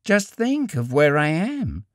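A pleading young woman with a soft, tearful, emotional voice, as a male audiobook narrator puts her on, pitched well above his natural range. She talks in a breathy, hurt way, and the studio sound is dry and close. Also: very animated, slow, no room sound. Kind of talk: audiobook character reading.

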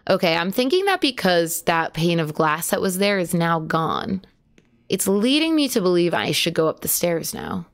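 Chatty woman streamer with a lively, lowish voice. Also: normal speed. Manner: chatty, jumpy, yelps at scares, swears casually. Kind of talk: live horror gameplay commentary.

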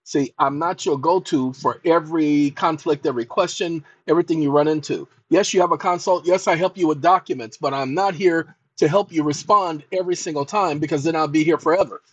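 A man's voice: a little high, a little fast, hardly any pauses, slightly rough, no echo. A man hosting a video channel, talking straight to his viewers in a casual, rambling, repetitive way. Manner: chatty, repetitive, addresses viewers directly. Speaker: channel host.

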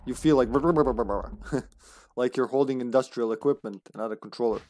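A man's voice: mid-range voice, fairly even intonation, fast talker, dark tone. Male streamer, loose conversational play-by-play, easy laughs. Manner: chatty, rambling, laughs often. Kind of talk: casual gameplay commentary.

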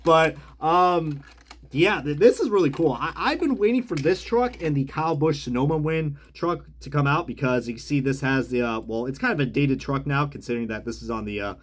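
Animated guy chatting through an unboxing. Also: medium pitch. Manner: chatty, rambling, often corrects himself mid-sentence. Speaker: die-cast collector and reviewer. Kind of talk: casual unboxing review.

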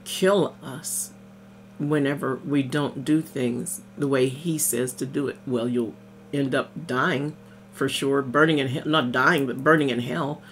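Over morning coffee, a woman minister delivers a relaxed devotional sermon, reading scripture and explaining it in plain, conversational language with frequent amens and hallelujahs. Her voice is a rumbling low with fairly even intonation and an unhurried pace. A slight hiss or hum sits in the recording.

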